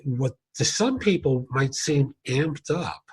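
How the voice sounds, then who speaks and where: A man hosts a career advice show, pausing his guest to restate her points and steer the talk. His voice is a touch husky and sits in a middle pitch. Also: expressive. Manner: interjecting, recaps points, asks follow-ups. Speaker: podcast host, career coach. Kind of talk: interview hosting.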